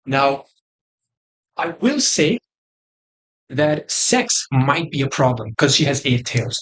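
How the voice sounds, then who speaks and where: A man's voice: mid-range voice, very animated, slow. Crude young man ranting comedically. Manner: crude, boastful, rambling with sudden loud outbursts. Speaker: host. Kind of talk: comedic tier list commentary.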